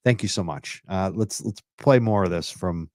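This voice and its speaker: A man's voice: deep voice, a little slow, darkish tone, no echo, clean studio sound. A man hosting a livestream, chatting casually, reading out viewer comments and laughing between lines. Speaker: livestream host.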